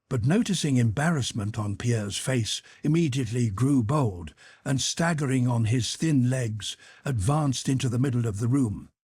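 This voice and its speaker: Husky male audiobook narrator. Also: mid-range voice, dry recording, clean studio sound. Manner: expressive, dramatic reading. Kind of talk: scripted narration.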